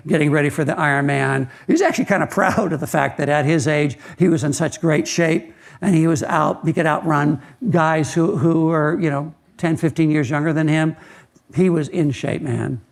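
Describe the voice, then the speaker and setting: A man's voice: fairly high pitch, steady tone, moderate pace, vocal fry. A man, a pastor, preaching a sermon in a conversational storytelling way, often repeating words as he starts a phrase.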